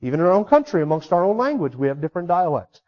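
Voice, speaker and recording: A man's voice: high-pitched, sing-song, very fast, muffled recording. A man preaching a sermon in an emphatic way, repeating key words for stress. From United States. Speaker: pastor.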